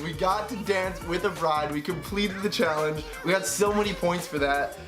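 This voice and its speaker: A young man vlogging, telling a travel story in a lively way and acting out the people he quotes. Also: sits high, normal speed, hardly any pauses, over music. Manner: animated, acts out quoted voices. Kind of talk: storytelling to camera.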